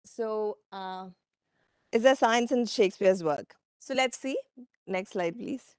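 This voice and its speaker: A woman giving a workshop presentation from slides, speaking in a measured way with frequent fillers and asides to the audience. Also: medium pitch, darkish tone, clean tone, no room sound, clean studio sound. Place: conference room.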